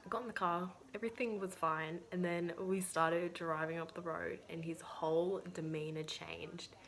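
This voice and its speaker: Australian woman vlogger, casual storyteller, slightly low pitch, chatty with fillers and cursing. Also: fairly bright tone. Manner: chatty, full of "like" and swearing.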